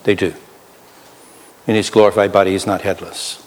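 A man preaching a sermon as pastor, animated, swinging between loud outbursts and hushed asides while acting out voices. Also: deep voice, moderate pace, long reverb tail.

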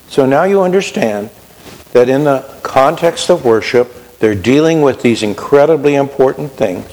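A man's voice: mid-range voice, a little mellow. Man preaching in a reverberant hall. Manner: conversational, asks listeners questions. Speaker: pastor. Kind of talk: sermon.

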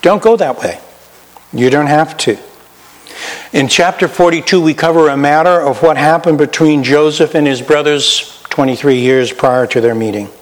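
A man's voice: fairly high pitch, moderate pace, in a large hall, poor audio. A man preaching a sermon in a folksy, self-deprecating way, shifting his pace and volume for emphasis. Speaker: pastor.

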